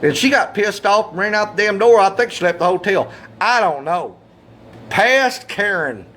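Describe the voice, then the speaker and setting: High-voiced folksy storyteller. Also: male voice, expressive, a bit bright, slight background noise. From Southeast Missouri. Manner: folksy, salty, drawn-out punchlines. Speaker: comedic storyteller. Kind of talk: comic storytelling monologue.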